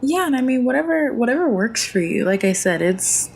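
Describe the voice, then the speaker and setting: A woman's voice: on the high side, very animated, a little fast, vocal fry, husky, low-quality recording. A woman streamer chatting casually as a podcast guest, rambling with many fillers and restarts.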